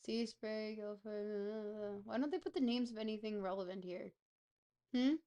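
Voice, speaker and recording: A woman giving casual, playful gameplay commentary as a streamer, thinking out loud as she goes. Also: mid-range voice, fairly even intonation, normal speed. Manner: playful, thinks aloud, chatty.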